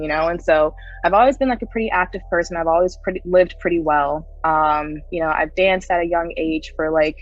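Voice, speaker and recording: A woman's voice: sits low, a little fast, hardly any pauses, highs cut off. A woman guest on a podcast telling her story in a chatty way, laughing often and tagging her sentences with "right?". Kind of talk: casual interview storytelling.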